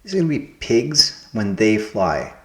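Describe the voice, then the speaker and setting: A man's voice: on the low side, very animated, a little slow. A man hosting a word-puzzle video, musing aloud and trying out guesses as he solves the clues. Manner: musing, trial-and-error guessing of answers aloud. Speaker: host playing word puzzles. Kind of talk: casual thinking aloud while solving puzzles. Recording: roomy echo.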